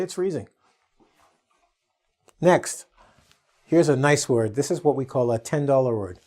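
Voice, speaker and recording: A man teaching an English vocabulary lesson in an animated, playful, jokey way. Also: medium pitch, moderate pace, pauses often. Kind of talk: energetic vocabulary lesson to camera.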